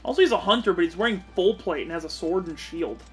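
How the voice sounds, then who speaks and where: A man's voice: sits high, expressive, fast talker, soft background music. A man streaming a video game, giving casual, joking commentary and swearing freely.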